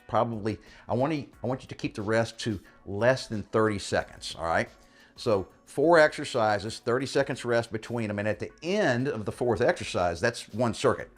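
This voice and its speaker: A man coaching a bodyweight workout, explaining in a casual, encouraging way and often checking in with "all right?". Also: medium pitch. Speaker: fitness coach. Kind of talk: workout instruction.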